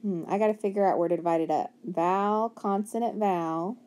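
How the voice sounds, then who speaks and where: A woman's voice: mid-range voice, brisk, darkish tone. A woman teaching a phonics lesson, stretching out word sounds and asking and answering her own questions.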